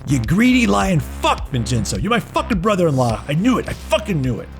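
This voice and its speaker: A man's voice: medium pitch, animated, moderate pace, over music, close to an everyday voice. A man voicing a volatile, ruthless male mafia boss who curses freely and swaggers. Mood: furious.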